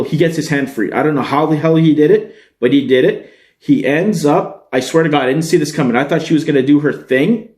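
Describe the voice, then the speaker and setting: A man hosting a podcast, giving a casual spoiler-filled movie recap, excitable and swearing freely as he talks straight to his viewers. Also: mid-range voice. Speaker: podcast host. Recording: roomy echo.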